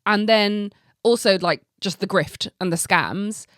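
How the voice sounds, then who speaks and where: A woman hosting a podcast, telling a story in a casual, animated way, full of "like" and acted-out reactions, with some casual swearing. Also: mid-range voice, measured pace, no echo, clean studio sound. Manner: animated, heavy use of "like", acts out her own reactions. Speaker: podcast host.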